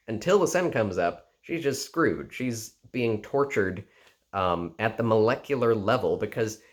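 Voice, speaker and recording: A man casually recapping an anime episode in an animated way, full of "like" and "you know". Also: lowish voice. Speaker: anime reviewer.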